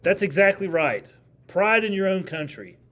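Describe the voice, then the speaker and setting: A man with a fairly high voice lectures a history class in a classroom. His delivery is conversational but emphatic. He keeps throwing questions out to his students. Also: expressive, normal speed, fairly bright tone, highs cut off. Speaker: history teacher.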